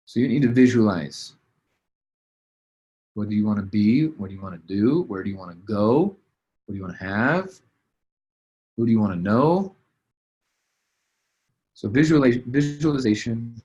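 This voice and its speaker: Man, business coach, mid-pitch, relaxed chatty delivery with "uh"s and restarts, coaching a group. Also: highs cut off. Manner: casual, conversational, many fillers and restarts. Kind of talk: motivational training talk. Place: at a desk, writing as he talks.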